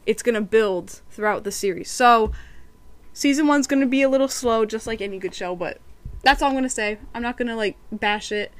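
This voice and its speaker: A woman's voice: fairly high pitch, brisk. A woman hosting a podcast, reviewing cartoon episodes in casual, chatty talk and acting out quotes. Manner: chatty, giggly, acts out quotes.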